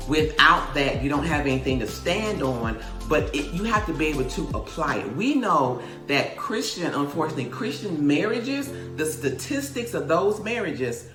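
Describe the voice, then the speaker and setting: A woman's voice: low voice, normal speed, few pauses, roomy sound, over music. A middle-aged woman, an author and host, giving frank marriage advice to her daughters in a candid conversation, laughing often. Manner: animated, laughs often, frank, acts out little dialogues.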